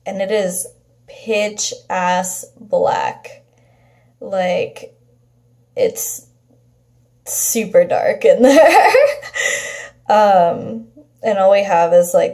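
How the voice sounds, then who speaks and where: A woman tells a personal story to camera at an unhurried pace. Her voice is soft and mellow, never sharp. She is chatty and profane, with a steady stream of filler "like"s. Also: mid-range voice, creaky. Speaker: vlogger. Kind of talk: casual storytelling.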